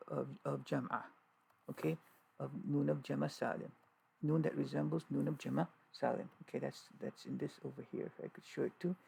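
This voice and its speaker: A man explains grammar in a loose, informal lesson, stopping often to restart and repeat his terms. His voice is deep in fry and gravel, husky rather than clear. The tone is dark and mellow, pitched a little above average. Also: rough recording. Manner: halting, many fillers and restarts, repeats terms. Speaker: Arabic grammar teacher.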